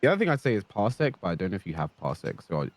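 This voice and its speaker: A man's voice: low-pitched, very animated, racing. A man coaching a player over a voice call, easygoing and hesitant, with many fillers. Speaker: fighting game coach.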